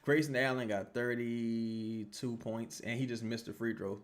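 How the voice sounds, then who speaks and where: A man's voice: mid-range voice, a little slow. A man hosting a casual live stream, reacting to a basketball game with profane, heckling commentary and reading viewer comments aloud. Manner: profane, animated, heckling players. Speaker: sports livestream host.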